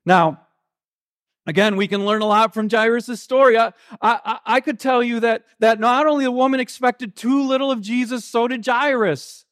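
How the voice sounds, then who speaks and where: A man preaching a sermon, retelling a Gospel story in an earnest, halting way, with frequent restarts and slow, quiet quotations. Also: very high voice. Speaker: pastor.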